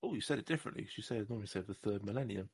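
Rambling podcast host, fairly low. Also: male voice, very fast, creaky, a little mellow, breathy edge. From Southwest England. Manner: rambling, jokey, trips over words. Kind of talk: casual chat.

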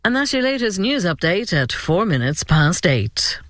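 A man reading a scripted radio news bulletin in a measured, even delivery. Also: sits high. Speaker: radio newsreader.

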